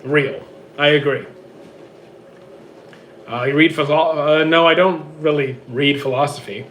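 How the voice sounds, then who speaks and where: A man with a hoarse, worn-out voice reads out viewer questions and answers them offhand in casual livestream chat from home. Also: a little high, unhurried, a bit bright, slight background noise. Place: home with roommates.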